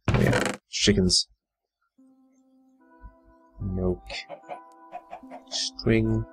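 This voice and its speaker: A man's voice: low-pitched, slow, pauses often, soft background music, rough recording. A man giving casual gameplay commentary, muttering his thoughts aloud to himself. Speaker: let's play gamer.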